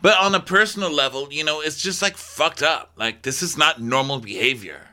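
A man co-hosting a casual recap podcast, sarcastic and animated. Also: on the high side, moderate pace. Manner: sarcastic, animated, doing voices. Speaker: podcast co-host.

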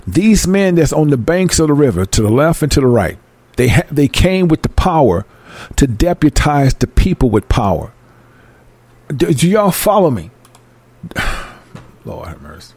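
A man reading scripture aloud and breaking into fervent, emphatic commentary, talking excitedly like a Bible teacher. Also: fairly high pitch, slightly rough, no room sound. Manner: reads verses then breaks into fervent commentary; emphatic, animated, apologizes for going fast. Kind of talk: excited scripture study talk.

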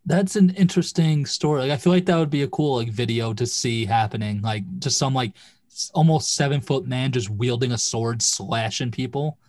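A man co-hosting a casual podcast, chatting in an easygoing, halting way full of "like". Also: medium pitch, a little mellow. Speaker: podcast co-host. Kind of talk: casual chat.

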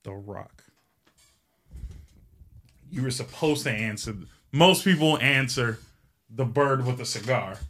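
A man's voice: mid-range voice, slow pace, long pauses, fairly bright tone. A man hosting a show who tells a long joke in a rambling, casual way, swearing freely and filling his speech with ums. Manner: rambling and profane, with frequent fillers. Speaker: show host.

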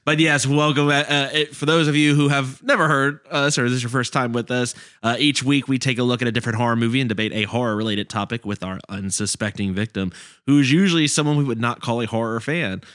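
A man's voice: mid-range voice, fairly even intonation, quick pace, a bit bright. A man hosting a casual podcast, friendly and loose, laughing between his intros. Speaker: host.

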